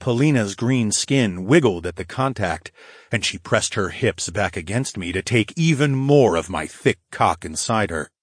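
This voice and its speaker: A man narrating a fantasy audiobook in the first person, with a steady, low growling delivery. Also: measured pace, breathy edge, no echo, studio quality.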